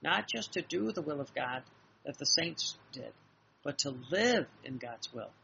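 A man's voice: a little high, animated, measured pace, gravelly, pushed and bright, slight background noise. A man preaching a sermon in an earnest, repetitive, exhorting way, acting out dialogue as he goes. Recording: dull lo-fi recording with faint ambience.

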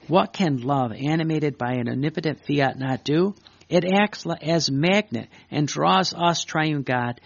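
A man's voice: fairly high pitch, vocal fry, a bit bright, dry recording. A man preaching, reading a devotional text aloud and breaking off for earnest asides to his listeners. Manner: pauses to add earnest asides between readings. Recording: dry, dull lo-fi recording.

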